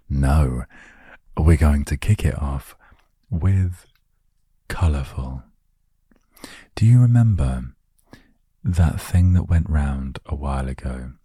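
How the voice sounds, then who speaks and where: A man with an extremely deep, dark and husky voice speaks slowly and gently into a close microphone inside his van. His rambling, self-mocking chat is meant to relax the listener. The sound is dry and intimate. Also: dry recording. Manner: gentle, self-deprecating, meandering. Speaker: host of a relaxation word show. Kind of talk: soft, rambling relaxation talk. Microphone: studio microphone, close.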